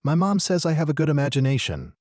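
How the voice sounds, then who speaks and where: A man voicing a shy, scrawny, poor schoolboy, speaking softly and apologetically in a storybook narration. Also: fairly high pitch, very animated, fast talker, dry recording, clean studio sound, voice pushed up. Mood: timid. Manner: soft, hesitant, apologetic.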